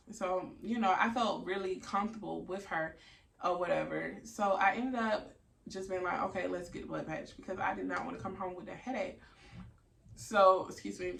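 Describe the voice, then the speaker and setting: A young woman, casually and candidly telling a story to her viewers, with frank, profane, animated quoted reactions. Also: lowish voice, gravelly, recorded from a distance. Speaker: vlogger.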